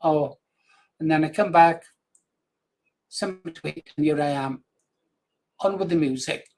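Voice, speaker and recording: A man's voice: fairly high pitch, unhurried, a little mellow. An older man presenting a radio show, chatting in a rambling, anecdotal way with frequent chuckles. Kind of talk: casual radio chat.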